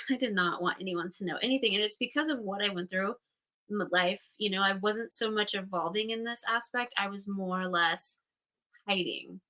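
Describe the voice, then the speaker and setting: Bright-voiced candid woman chatting about astrology. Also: medium pitch, normal speed, poor audio. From Utah, United States. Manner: candid, chatty, swears, acts out quoted voices. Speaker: astrology class host. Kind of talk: casual livestream astrology talk.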